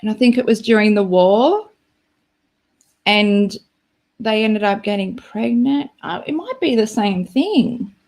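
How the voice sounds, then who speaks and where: A woman's voice: mid-range voice, animated, measured pace, darkish tone. A woman hosting a live stream, chatting casually and rambling with lots of "like" and giggles. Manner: rambling, giggly, full of "like" fillers.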